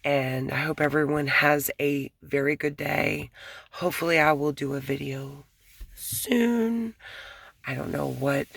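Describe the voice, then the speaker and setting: A woman vlogging casually from her apartment, rambling and frank, swearing and sometimes dropping to a hush. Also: sits low, a little slow, creaky, no echo, studio quality. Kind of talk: casual talk to camera. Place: apartment at home.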